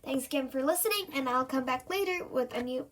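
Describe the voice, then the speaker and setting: A woman reading a children's chapter book aloud in an even storytelling manner. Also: sits high, fairly quick, slight background noise. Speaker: reader.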